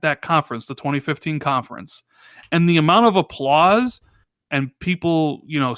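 A man co-hosting a casual gaming podcast, talking in an animated, rambling way full of restarts and fillers. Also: fairly high pitch, dry recording, clean studio sound. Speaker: podcast co-host.

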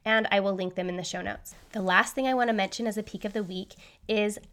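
A woman in her thirties hosting a solo podcast, talking quickly by her own account. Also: mid-range voice, fairly even intonation, fairly bright tone. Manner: fast-talking, says so herself. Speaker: podcast host.

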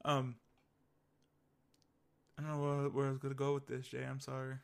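A man's voice: mid-range voice, completely flat delivery, normal speed, creaky, clear, resonant tone. A young man co-hosting a podcast, talking in a rambling, enthusiastic way full of fillers and restarts. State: hiccups. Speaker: podcast co-host. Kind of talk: casual chat.

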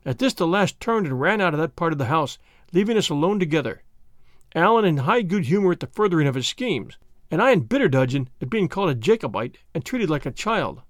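A man reading a classic adventure novel aloud, his fairly high voice lively and wide-ranging in pitch. The storytelling is measured and expressive, recorded close and dry with no room sound. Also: no room sound. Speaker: narrator.

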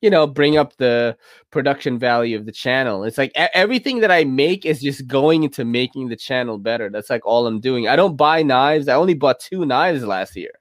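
A man's voice: mid-range voice, expressive, a little fast, dry recording, clean studio sound. A man hosting a podcast while drunk, rambling casually between laughs and curses. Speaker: podcast host.

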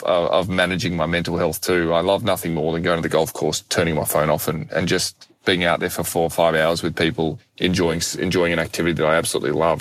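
Man, deep voice, animated storyteller, dry close sound. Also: no room sound. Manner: animated, self-deprecating storyteller. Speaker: guest speaker. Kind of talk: personal storytelling in conversation.

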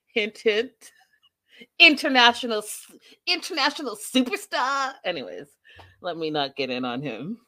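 A woman's voice: mid-range voice, unhurried, no room sound. A woman hosting a casual reality TV recap show, talking animatedly, laughing and acting out what people said. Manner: animated, laughing, acts out quotes. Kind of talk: casual recap and review chat.

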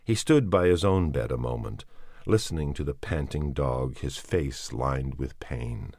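Very deep-voiced male storyteller. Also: a little slow, a little mellow, no echo, clean studio sound. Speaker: audiobook narrator. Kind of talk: dramatic audiobook reading.

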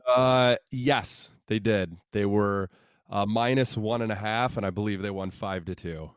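A man's voice: on the low side, measured pace, clean tone, no echo, clean studio sound. A man co-hosting a podcast, telling rambling, profane stories in casual sports chat. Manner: rambling, profane, self-interrupting. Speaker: podcast co-host.

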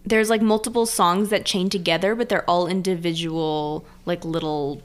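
A woman's voice: lowish voice, fairly even intonation, moderate pace. A woman co-hosting a podcast, chatting casually and often hesitating and trailing off. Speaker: podcast co-host. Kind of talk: casual chat.

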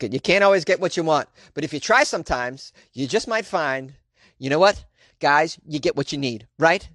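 A man hosting a solo podcast from a small closet, rambling and self-mocking, overly caffeinated, with sudden jumps in pitch. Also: no echo, clean studio sound. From Boston area. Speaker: podcast host.

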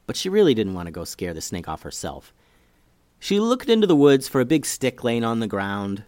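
Male kids' podcast narrator, lively delivery, dry close sound. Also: medium pitch, normal speed, no echo. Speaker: podcast host and storyteller. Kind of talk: children's story narration.

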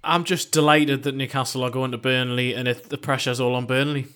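A man's voice: medium pitch, steady tone, brisk, a bit bright, clean tone. A male football journalist talking as a podcast guest. He thinks aloud and repeats words on the way to his point. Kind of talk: casual football podcast chat.

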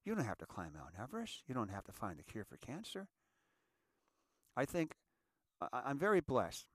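Guy doing an uplifting talk, lots of ladies and gentlemen, slows down on key words, bouncy pitch. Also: wildly swooping pitch, no echo, clean studio sound. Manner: addresses listeners as ladies and gentlemen, repeats phrases for emphasis. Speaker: inspirational speaker. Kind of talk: reflective inspirational talk.

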